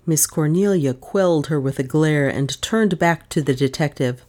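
A woman reading a mystery novel aloud in measured, even narration. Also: low-pitched. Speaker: audiobook narrator. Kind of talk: scripted narration.

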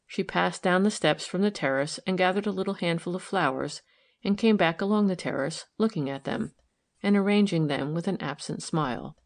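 A woman narrating a novel as an audiobook in a measured, even way. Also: fairly low pitch, gravelly. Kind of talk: scripted narration.

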